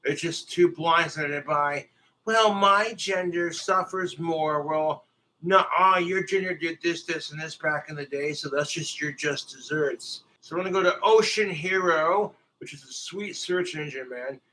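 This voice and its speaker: A man's voice: a little high, normal speed, hardly any pauses, sharp tone, poor audio. A man ranting crudely and profanely on a livestream, talking straight to his viewers. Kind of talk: livestream rant.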